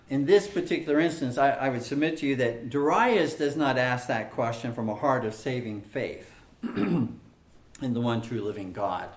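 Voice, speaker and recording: Slow, echoey male preacher. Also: mid-range voice. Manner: measured, emphatic preaching with frequent fillers and repetitions. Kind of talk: expository sermon. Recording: echoey room.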